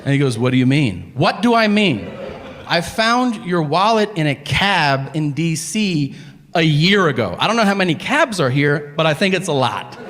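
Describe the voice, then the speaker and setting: A man telling a stand-up story on stage, deadpan and exasperated as he acts out the dialogue. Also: on the high side, normal speed. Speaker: stand-up comedian. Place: comedy theater stage. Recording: live theater hall with faint ambience. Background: audience laughter.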